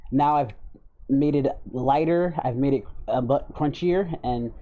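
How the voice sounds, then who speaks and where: A man's voice: mid-range voice, a little slow, phone-quality sound. A man chatting casually on a livestream in his own voice, laid-back and rambling as he greets his chat by name. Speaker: livestreamer and voice impressionist.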